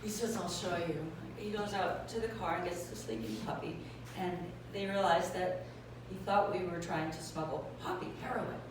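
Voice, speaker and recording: A woman telling a funny personal story to a live audience, lively and acting out other people's voices. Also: lowish voice, normal speed. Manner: lively, acts out voices with laughter. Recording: echoey hall from far off, noisy.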